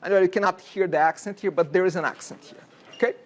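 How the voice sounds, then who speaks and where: A man in his forties with a Brazilian Portuguese accent lectures a classroom. His voice sits high, and his talk is chatty and wandering, broken up by frequent "okay?" checks with the students. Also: steady tone, quick pace. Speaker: college instructor.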